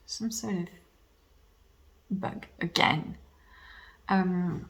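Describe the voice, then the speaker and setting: A woman's voice: mid-range voice, a bit bright. A woman hosting a knitting podcast in casual, rambling chat at home, slightly losing her voice, with self-deprecating asides.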